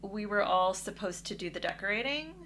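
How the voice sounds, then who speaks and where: A woman's voice: mid-range voice, expressive, a little fast, sharp tone, slight background noise. A woman co-hosting a podcast, telling a story in a chatty, wry way with fillers. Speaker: podcast co-host. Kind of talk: casual storytelling.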